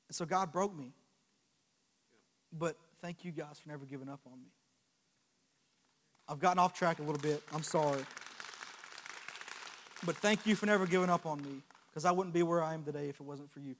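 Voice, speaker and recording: A young adult man preaching a sermon, impassioned, moving from quiet confession to loud exhortation with repeated rhetorical questions. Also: fairly high pitch, a little fast, long pauses. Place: church sanctuary. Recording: long church hall reverb.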